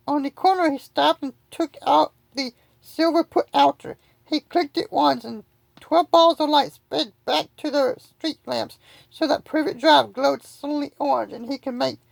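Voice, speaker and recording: High-voiced woman reading aloud. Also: gravelly, no echo, low-quality recording. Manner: reads with frequent slips and restarts. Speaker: reader. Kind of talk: amateur audiobook reading.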